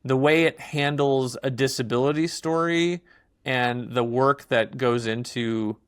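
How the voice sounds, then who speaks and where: A man in a casual interview tells his story with lively energy and frequent fillers. His voice sits at a middling pitch and sounds close and dry, with no room around it. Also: measured pace, smooth, no room sound. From not from England. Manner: animated storyteller, many fillers. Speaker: filmmaker guest.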